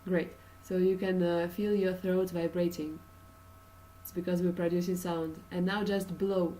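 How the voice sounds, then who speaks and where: A woman's voice: lowish voice, flat delivery, unhurried, dark tone, recorded from a distance, slight background noise, rough recording. A woman from Russia with a Russian accent, teaching an English pronunciation lesson with many uh and um fillers and patient explanations.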